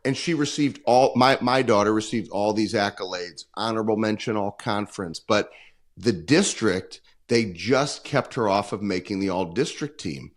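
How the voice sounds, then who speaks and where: A man's voice: fairly low pitch, moderate pace. A man in his forties, a performance coach talking in a podcast interview, earnest and full of stories, often acting out the dialogue he quotes.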